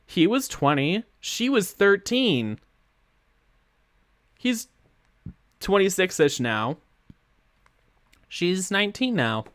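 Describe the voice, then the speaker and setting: A man's voice: sits high, sing-song, slow pace, long pauses, a bit bright, dry recording. A man casually chatting and rambling while streaming a game, giggling often, on a close microphone. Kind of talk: casual gameplay commentary. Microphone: close mic with pop filter.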